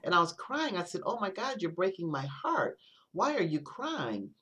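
A woman poet speaks in a lower register, reflective and unhurried. Her sentences stall and restart as she works toward what she means. It is a casual conversation on an interview podcast. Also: sing-song, fairly bright tone. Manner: reflective, halting with many restarts.

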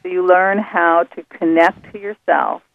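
Soothing woman on a phone line, gravelly. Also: fairly low pitch, unhurried. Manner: calm, soothing, patient teacher. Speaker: author and guest. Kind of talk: explaining on a radio call-in.

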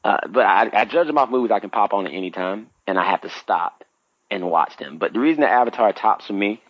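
Man, 30s, low-pitched, lively casual storyteller; dry, slightly muffled recording. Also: fast talker, dry recording. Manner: animated, acts out his own past reactions with big pitch jumps.

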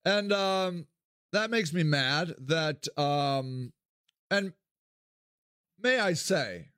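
A man's voice: extremely slow, clean tone, dry recording, studio quality. A man from Ohio giving a candid solo monologue as a podcast host, blunt and swearing freely. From Akron, Ohio, US. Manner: blunt, swears freely, animated swings in pitch.

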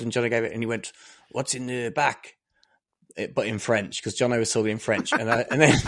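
A man in casual podcast chat, telling a story at full tilt and doing little voices for the people in it. His pitch sits in the ordinary middle range for a man. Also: moderate pace. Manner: animated storyteller who acts out other people's lines.

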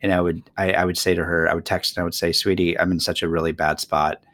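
A man with a low voice talks fast, with no echo. As a podcast co-host, he swaps stories in casual chat, an animated storyteller who laughs a lot.

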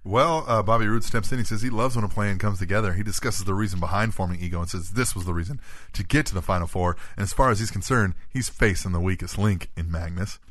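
Fast-talking low-voiced man recapping. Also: fairly bright tone, no room sound, clean studio sound. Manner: rapid play-by-play recapping, tags "right?" on statements. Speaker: podcast co-host. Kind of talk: casual wrestling recap chat.

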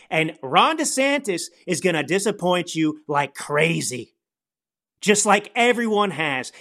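Heated, animated male podcast ranter. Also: high voice, measured pace. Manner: heated, ranting, indignant. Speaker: podcast host. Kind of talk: political commentary podcast.

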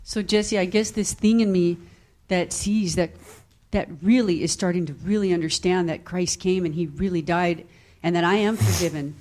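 An emotional woman sharing about her faith in a spiritual group, speaking softly and haltingly. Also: on the low side, fairly even intonation. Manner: hesitant, halting, soft-spoken. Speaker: group participant.

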